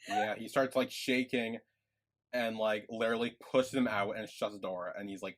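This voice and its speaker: A man's voice: on the low side, fairly even intonation, moderate pace. A young man co-hosting a podcast, retelling scenes from a series in a loose, filler-heavy way. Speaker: podcast co-host. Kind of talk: casual recap chat.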